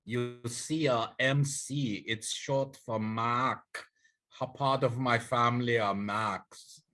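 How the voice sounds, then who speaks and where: A man's voice: mid-range voice, fairly even intonation, slow pace, sharp tone. A man playing a boastful male party MC, rambling and bragging.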